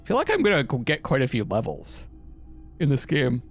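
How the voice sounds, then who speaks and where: Let's-play host, man; mid-pitched, animated and rambling, with faint music underneath. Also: brisk. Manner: chatty, thinks aloud, restarts sentences. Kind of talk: casual gameplay commentary.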